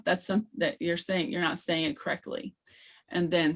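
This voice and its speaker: A woman running an online teacher training, explaining patiently with frequent ums and slowly modelling pronunciations over a video call. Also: lowish voice, fairly even intonation. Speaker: language instructor.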